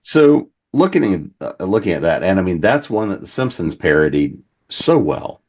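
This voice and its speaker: A man with a very low voice hosts a convention panel discussion. He talks in an easygoing way, asking open questions and calling on each panelist by turn. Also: sing-song, moderate pace, darkish tone. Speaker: panel host.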